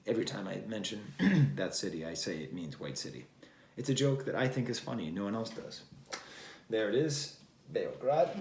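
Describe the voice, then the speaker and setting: A man's voice: medium pitch, a little hiss or hum. A man hosting a casual album review, talking in a rambling, wry way and drifting between thoughts with plenty of fillers. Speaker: record review host. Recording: roomy echo.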